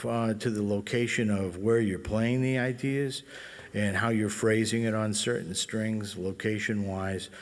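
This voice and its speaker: Relaxed low-voiced male bandleader. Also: long reverb tail. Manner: relaxed and talky, scatting rhythms aloud. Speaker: bandleader and guitar teacher. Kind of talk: explaining music in a clinic.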